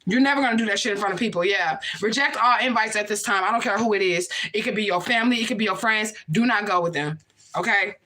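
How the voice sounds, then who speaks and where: A woman's voice: medium pitch, fast talker. A woman giving a casual livestream tarot reading, ranting bluntly with lots of profanity and acting out what other people say. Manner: animated, acts out other people's speech. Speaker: tarot reader.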